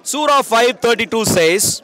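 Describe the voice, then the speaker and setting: A man preaching outdoors on a city street, loud and projecting as he argues with passersby. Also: very high-pitched, lively intonation, measured pace, some chatter behind. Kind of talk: open-air street preaching and debate.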